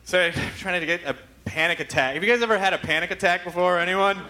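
A man's voice: high voice, steady tone, fast. Hyper male podcast host, live crowd. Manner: hyper, rambling, crude. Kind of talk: live stand-up-style podcast banter. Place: live venue with audience. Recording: live stage with audience noise.

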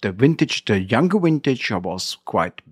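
German-accented man, halting English, dry sound. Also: on the low side, big pitch swings, breathy edge, dry recording. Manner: halting non-native English with fillers and restarts. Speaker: winery owner guest. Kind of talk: interview.

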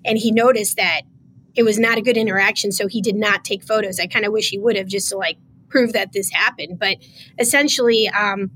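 A woman's voice: medium pitch, pushed and bright, slightly rough. A woman guest on a podcast, telling a painful personal story with emotion, close to tears, in an earnest way with many fillers.

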